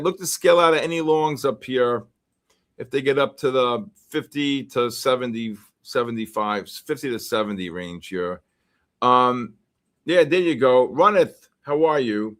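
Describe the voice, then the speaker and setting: A man from the Bronx, hosting a live futures trading stream and reacting excitably to the market while greeting viewers. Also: medium pitch, a little slow. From the Bronx, New York. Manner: excitable, greets chat names in bursts. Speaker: host and futures trader.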